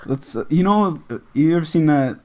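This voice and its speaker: Joking young man, slightly high voice. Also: animated, moderate pace, darkish tone. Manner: joking, blunt opinions, says bro and man. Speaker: podcast co-host. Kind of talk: casual chat.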